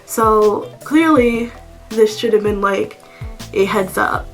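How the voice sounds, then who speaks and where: A woman's voice: fairly high pitch, measured pace, faint music behind. Blunt, exasperated woman telling a story. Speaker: vlogger. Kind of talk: storytime vlog.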